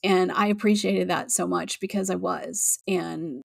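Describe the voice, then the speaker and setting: A woman's voice: lowish voice, fairly even intonation, measured pace, gravelly, no echo, clean studio sound. A woman in her forties, a podcast host, speaking candidly and frankly in a rambling personal monologue with frequent fillers and restarts, near tears at times and swearing freely.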